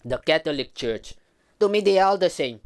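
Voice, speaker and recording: Guy ranting on his vlog, heated and preachy, kinda high clean voice. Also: lively intonation, normal speed. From Suriname. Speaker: commentator.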